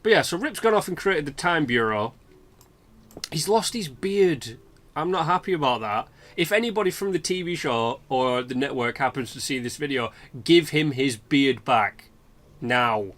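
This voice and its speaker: Rambling, swearing British gamer. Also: male voice, a little high, lively intonation, normal speed, fairly bright tone. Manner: rambling, chatty, swears freely. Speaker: let's play host. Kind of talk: casual gameplay commentary.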